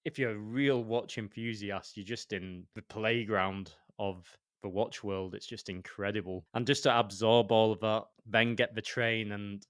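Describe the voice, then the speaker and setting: A man's voice: on the low side, steady tone, a little slow, hardly any pauses, fairly bright tone, clean tone, dry recording, studio quality. A man co-hosting a podcast, chatting enthusiastically as he tells a travel story, with many "you know" fillers. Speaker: podcast co-host. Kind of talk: casual chat.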